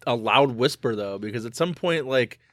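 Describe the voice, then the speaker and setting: A man who is a guest on a casual movie podcast, talking in a relaxed, musing and slightly hesitant way. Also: mid-range voice, normal speed, dry recording, studio quality.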